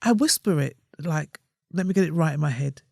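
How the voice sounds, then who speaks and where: A woman guest on a podcast, a comedian and playwright, telling animated stories and acting out what people said. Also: sits low, fairly quick, gravelly, no echo, clean studio sound. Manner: animated storyteller acting out voices. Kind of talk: casual podcast conversation.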